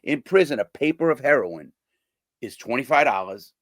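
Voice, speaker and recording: A man's voice: medium pitch, expressive, normal speed, dry recording. An older man, a former prisoner, talking bluntly and casually to his viewers, swearing and acting out the people he quotes.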